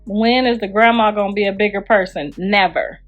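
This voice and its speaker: A woman's voice: medium pitch, brisk, narrow, tinny audio, faint music behind. A middle-aged woman ranting bluntly and profanely on a phone livestream. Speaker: livestream host.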